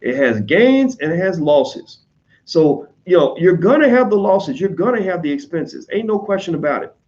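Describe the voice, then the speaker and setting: A man with an American accent talking casually to his audience, blunt and profane, slipping into quick mimicry of other people. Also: high-pitched, sing-song, a little mellow, highs cut off. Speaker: online commentator on business. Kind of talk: casual unscripted monologue.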